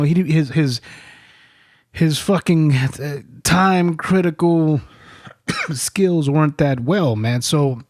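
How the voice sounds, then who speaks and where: A military veteran telling stories in a casual podcast chat, swearing freely and laughing between lines. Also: male voice, on the high side, dry recording, clean studio sound. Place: studio.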